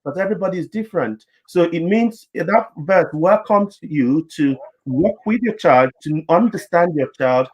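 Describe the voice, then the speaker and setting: A man's voice: a little high, animated, moderate pace, few pauses, slightly rough, dull audio. A man speaking as a panelist and therapist in a panel discussion, earnest and explanatory, often repeating words as he builds his point.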